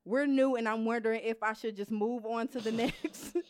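A woman's voice: a little high, steady tone, moderate pace, smooth, dry recording, clean studio sound. A woman co-hosting a casual podcast, reading a listener's email aloud in a blunt, profane way and laughing often. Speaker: podcast co-host.

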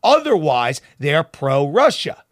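A man's voice: fairly high pitch, huge pitch swings, slow pace, dry recording, clean studio sound. A man hosting a talk show, delivering fiery, emphatic and sarcastic political commentary.

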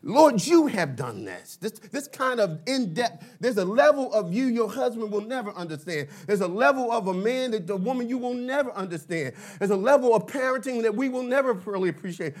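High-voiced man preaching a fervent sermon. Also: animated, fairly quick, few pauses. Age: 50s. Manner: emphatic preaching with sudden shouted bursts and playful asides. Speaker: pastor.

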